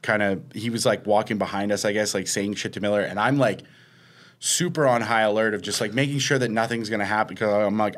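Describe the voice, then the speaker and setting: A man's voice: lowish voice, fairly even intonation, a little fast. A man, co-hosting a podcast and telling a story in casual chat, acting out quotes with a raised voice. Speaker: podcast co-host.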